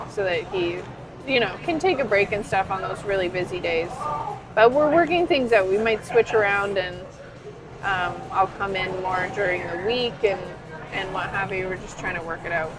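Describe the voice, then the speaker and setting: A woman's voice: medium pitch, rough recording. A woman co-hosting a casual live stream from an arcade, chatty and rambling, often trailing off mid-sentence. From Canada. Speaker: arcade co-owner and stream co-host.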